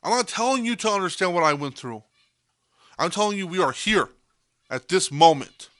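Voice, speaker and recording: A man's voice: medium pitch, a bit bright, dry recording, clean studio sound. A young man hosting a podcast, delivering an intense monologue that swears freely and hammers points home by repeating them. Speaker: podcast host.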